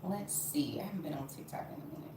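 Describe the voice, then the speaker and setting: A woman's voice: mid-range voice, very animated, fast talker, far from the mic. A woman, chatting expressively to her live-stream viewers while she bakes in her home kitchen. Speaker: vlogger baking at home. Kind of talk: casual live-stream chat. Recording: very echoey room, off-mic, noisy.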